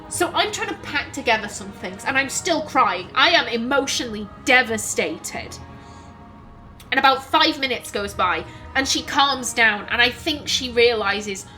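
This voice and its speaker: A woman telling a personal story in an emotional, halting way. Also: a little high, expressive, pushed and bright, soft background music, poor audio. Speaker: gaming channel host.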